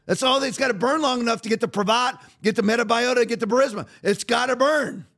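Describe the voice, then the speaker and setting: High-voiced man ranting as podcast host. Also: fast talker, gravelly, fairly bright tone. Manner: heated, sarcastic, repetitive. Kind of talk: ranting political commentary.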